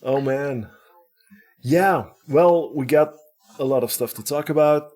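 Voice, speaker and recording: A man hosting a casual podcast, energetic and rambling, with lots of restarts. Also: on the high side, slow pace. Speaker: podcast host.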